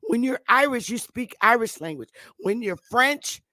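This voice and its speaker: A woman's voice: a little high, animated, a little slow, pushed and bright, dry recording, studio quality. A middle-aged woman from Connecticut hosting an online talk show, delivering an insistent livestream monologue and hammering her points home by repeating them. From Connecticut, United States.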